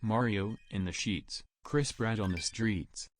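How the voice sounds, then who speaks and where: A male text-to-speech voice reading out stream messages in a flat monotone. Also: lowish voice, a little slow. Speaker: text-to-speech donation reader. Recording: faint music behind. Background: faint game music.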